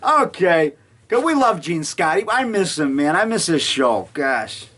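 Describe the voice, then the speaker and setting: A man's voice: on the high side, big pitch swings, a little slow, a bit bright, a little hiss or hum. A middle-aged man talking casually at home, telling stories with lots of chuckles and acted-out quotes. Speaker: amateur filmmaker. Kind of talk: casual rambling monologue. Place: home basement.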